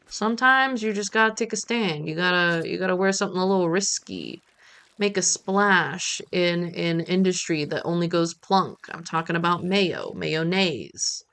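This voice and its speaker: A slightly low-pitched woman in her thirties from the United States chats through a game stream. She rambles in a playful, self-mocking way. Her talk wanders from the game to everyday life. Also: normal speed, a bit bright. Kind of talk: casual gameplay chat.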